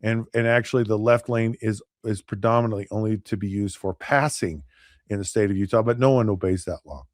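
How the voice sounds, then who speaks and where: A man hosting a podcast, telling a story in a casual, animated way, often repeating and restarting words and acting out both sides of a conversation. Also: lowish voice, brisk, dry recording, studio quality. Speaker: podcast host.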